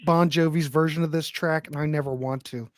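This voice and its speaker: A panel guest chatting about songs, quick to exclaim and laugh at the others. The voice sits at a middle pitch. It comes through dry and close, with no room sound. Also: fairly even intonation, no room sound. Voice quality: reactive, exclaims and laughs often. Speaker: panelist on a music talk stream. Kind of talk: casual chat.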